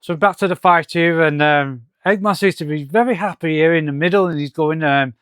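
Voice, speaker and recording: A man's voice: fairly high pitch, brisk, few pauses, a bit bright, clear, resonant tone, no room sound, clean studio sound. A man casually reviewing a comic, hesitating with lots of ums and restarts. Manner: hesitant, many fillers and restarts.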